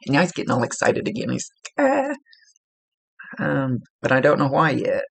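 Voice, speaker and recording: A man working as a psychic medium, giving a relaxed, conversational reading. He is chatty, laughs easily and often corrects himself mid-sentence. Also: mid-range voice, fast talker, vocal fry, husky.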